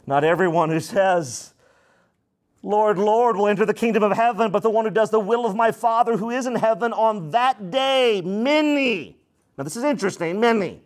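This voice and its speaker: A man's voice: high voice, normal speed. A man preaching a sermon as pastor, emphatic and dramatic, acting out the voices he quotes.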